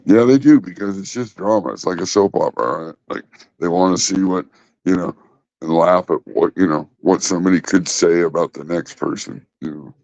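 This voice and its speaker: A man's voice: low voice, normal speed, gravelly, a little mellow, dry recording. A man hosting a casual livestream, rambling and swearing as he talks back to his chat. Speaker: livestream host. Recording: dull, lo-fi dry sound.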